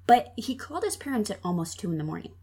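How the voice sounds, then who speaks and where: A podcast guest from Minnesota tells a true crime case in chatty, casual fashion, full of ums and likes. Her mid-range voice swings widely in pitch, moves fast, and sounds mellow with a breathy edge.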